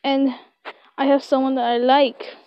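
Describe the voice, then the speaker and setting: A young woman reading a web story aloud in slow, halting English, recorded on a close, dry home mic. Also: high-pitched, little pitch movement, clear, resonant tone, muffled recording. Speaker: story reader.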